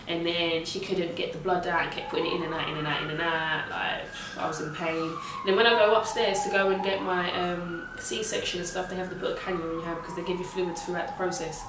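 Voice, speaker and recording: A young woman, casually retelling a story in an animated, slangy way full of swearing. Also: lowish voice, a little fast, few pauses, noisy background. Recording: echoey room heard from a distance.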